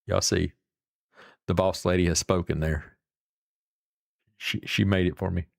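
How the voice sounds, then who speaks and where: A man's voice: sits low, fairly even intonation, a little slow, gravelly, no echo, clean studio sound. Folksy Appalachian man on a live stream. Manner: folksy, rambling, drawling, salty. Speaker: livestream host. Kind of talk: casual live-stream chat with viewers.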